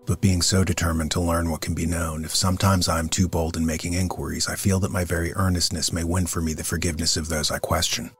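A man narrating a classic paranormal audiobook in a measured, solemn, steady reading. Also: deep voice. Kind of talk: scripted narration.

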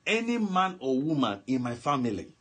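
A man preaching on a prayer line, swinging from soft murmurs to shouted commands and speaking in tongues. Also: mid-range voice, sing-song, normal speed. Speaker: pastor. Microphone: phone line broadcast.

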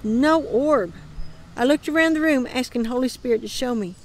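A woman reading her dream account aloud in a calm voice that often drops to a murmur. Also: high-pitched, fast. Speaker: ministry dream teller.

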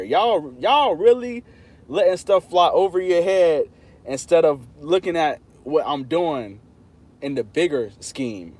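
A channel host with a slightly high, darkish voice talks directly to his live chat during a casual livestream. His manner is playful but insistent.

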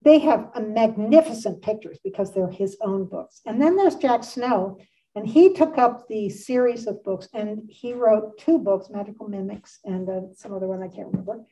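A woman's voice: medium pitch, normal speed, dark tone. Chatty older woman lecturing from afar. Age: 60s. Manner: chatty and enthusiastic, with frequent asides. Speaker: art history lecturer. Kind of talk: casual illustrated lecture. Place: community center meeting room. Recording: distant, dull room recording.

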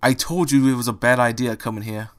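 Man doing a curt, grumpy rabbit sidekick for a storybook read; gruff, clipped. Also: medium pitch, steady tone, quick pace, natural voice. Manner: curt and grumbling.

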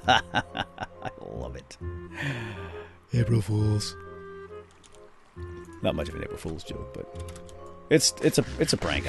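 A middle-aged man with a low voice chats his way through a game session and drifts into long, rambling stories along the way. His pitch swings widely from line to line. Faint music plays behind him. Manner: chatty storyteller, rambling asides. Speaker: host. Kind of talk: casual let's-play commentary.

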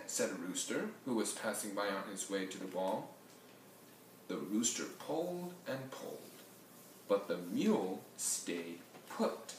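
A man reads a picture book aloud at an unhurried pace, his pitch rising and falling with the story. He sits away from the mic in an echoey room with a faint hum of ambience behind him. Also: far from the mic. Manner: slow, lively storybook delivery with sound effects. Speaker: reader.

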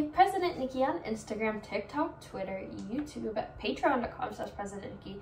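A woman's voice: fairly high pitch, lively intonation, brisk, a little mellow, a little hiss or hum. A young woman hosting a casual try-on vlog, talking in a bubbly, playful Valley Girl way. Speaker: vlogger. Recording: echoey room, mic at a distance.

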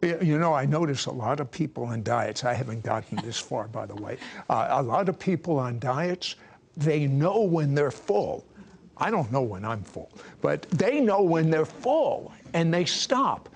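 A man's voice: a little high, big pitch swings, measured pace, gravelly, a little hiss or hum. A man hosting a Christian talk show, asking his guest questions in a chatty way and laughing easily.

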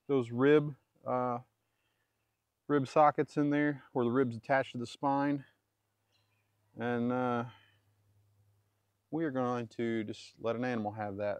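A homesteader casually talks through a hands-on butchering job, rambling, correcting himself and adding chatty asides. His voice is medium-pitched, darkish and level, unhurried with long pauses, and the recording is dry.

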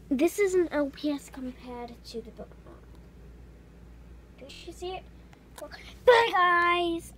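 A female voice pitched high and easy-going, walking through a homemade craft step by step at a slow, unhurried pace. She chats casually and keeps slipping into soft whispered asides. A faint hiss sits under the recording. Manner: chatty, drops into whispered asides. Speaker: craft tutorial creator. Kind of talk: casual DIY tutorial chat.

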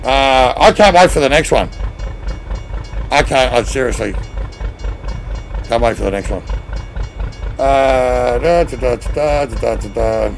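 Chatty man, gravelly voice. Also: medium pitch. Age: middle-aged. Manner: chatty, greets viewers by name, upbeat. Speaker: game streamer. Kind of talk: casual live-stream chat while playing.

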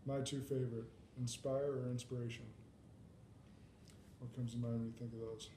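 A man's voice: level tone, moderate pace, mellow. A man hosting a podcast interview, talking casually and hesitantly with many fillers. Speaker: podcast host. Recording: echoey room with faint rumble.

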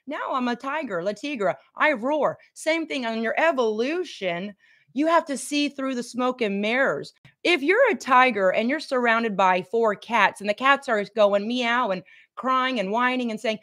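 A middle-aged woman coaches her group live in a rousing motivational talk. Her voice sits a little high, and she hammers home her points, repeating key lines for effect. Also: lively intonation, unhurried, fairly bright tone. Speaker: fitness and life coach.

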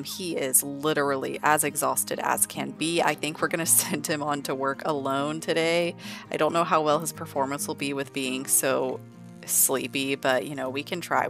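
A woman narrating a life-sim game in a chatty, casual way, sprinkling "like" through her talk. Her voice sits low. Faint music plays underneath. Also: fairly even intonation, normal speed, vocal fry. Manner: chatty, heavy use of "like". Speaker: let's play narrator.

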